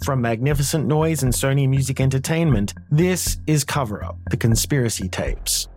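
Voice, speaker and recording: A man's voice: mid-range voice, moderate pace, darkish tone, soft background music. A man announcing a podcast promo in a dramatic, scripted announcer read.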